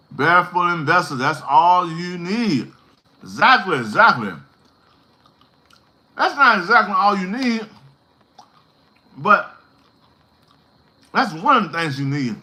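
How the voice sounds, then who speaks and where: A middle-aged man lecturing his viewers in a blunt, slangy motivational rant. His voice sits high for a man and has a hard, pushing edge. He hammers each point home like a stern mentor. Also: pushed and bright. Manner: preachy, slangy, emphatic lecturing. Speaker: fragrance business vlogger.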